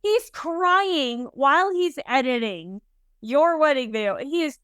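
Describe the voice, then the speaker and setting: A woman sits at a dry, close podcast mic, her voice riding high as she spills a story in an excited, rambling rush. It is loose, casual chat with her co-hosts. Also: a little slow, no echo. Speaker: co-host, host's wife.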